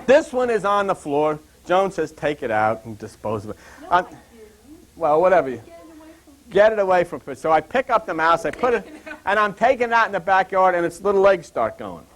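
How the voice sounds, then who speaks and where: An older man giving a rambling Bible talk and drifting into funny personal stories in an animated, digressive way. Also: sits high, fairly quick. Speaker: Bible teacher.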